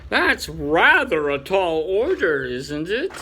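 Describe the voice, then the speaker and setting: A man voicing a pompous older male chief rabbit in a storybook reading, speaking in a slow, patronizing drawl. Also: sits high, very animated, pushed and bright, husky, full character voice.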